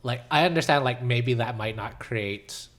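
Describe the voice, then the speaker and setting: A man's voice: medium pitch, normal speed, a bit bright. A man co-hosting a podcast who chats in an easygoing way, gives advice and laughs often. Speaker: podcast co-host. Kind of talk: casual chat.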